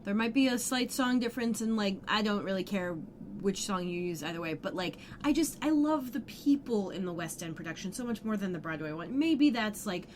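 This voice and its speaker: A woman's voice: mid-range voice, lively intonation, brisk, few pauses, slight background noise. A woman co-hosting a podcast in casual chat, blunt and jokey, swearing offhandedly and playfully opinionated. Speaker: podcast co-host. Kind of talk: casual chat recapping a TV episode.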